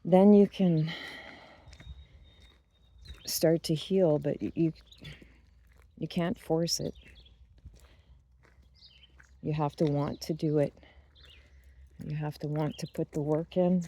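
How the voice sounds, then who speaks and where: Slow, deep-toned spiritual vlogger. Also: fairly even intonation, warm tone. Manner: unhurried, musing, with pauses and restarts. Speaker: YouTube channel host. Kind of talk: reflective spiritual monologue. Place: outdoors, on a walk by a field.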